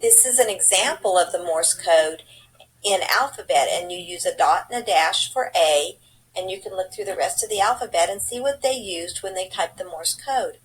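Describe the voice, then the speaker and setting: A woman presenting a slideshow report, reading it out in a plain, steady way. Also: fairly low pitch, moderate pace, low-quality recording.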